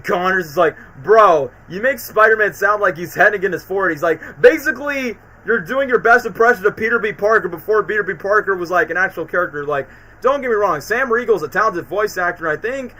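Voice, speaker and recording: A man's voice: a little high, pushed and bright, a little hiss or hum, poor audio. A man hosting a casual live stream, rambling through his thoughts with lots of fillers and restarts. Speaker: streamer host.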